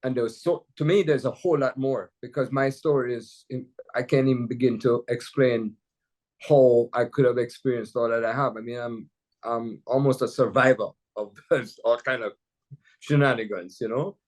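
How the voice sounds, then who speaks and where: A man's voice: mid-range voice, fairly even intonation, normal speed, darkish tone. An older man from Jamaica with a Jamaican accent, a jazz pianist telling stories in a casual conversation over a video call, rambling and restarting often. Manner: rambling, storytelling, many restarts and "you know"s.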